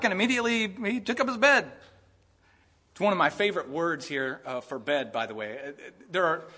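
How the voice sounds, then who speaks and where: Male pastor, lively sermon delivery with sudden bursts of emphasis. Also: fairly high pitch. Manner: animated, acts out quoted voices, rising to bursts of emphasis.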